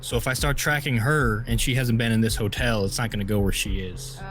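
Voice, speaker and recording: A man playing a tabletop role-playing game, talking quickly and urgently in character. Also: mid-range voice, music in the background. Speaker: player.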